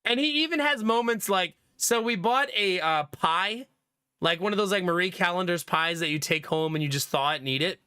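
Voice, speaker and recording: A man's voice: sits high, animated, moderate pace, sharp tone, clean tone, dry recording, studio quality. A young man casually telling family stories to his stream chat, laughing often as he goes. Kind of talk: casual storytelling to live chat.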